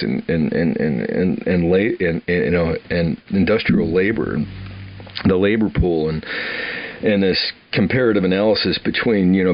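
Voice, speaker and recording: A man's voice: deep voice, highs cut off. An older man from Wisconsin telling his life story in a rambling, laughing way, with plenty of restarts. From Wisconsin, USA. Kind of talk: casual storytelling.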